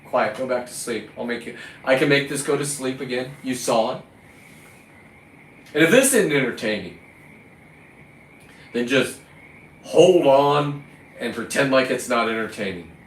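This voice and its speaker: A man with a medium-pitched, animated voice speaks unhurriedly and pauses often. He's a Californian lobster fisherman in a combative, swear-heavy vlog rant scolding his catch, recorded on a distant mic in a roomy space with faint ambient noise.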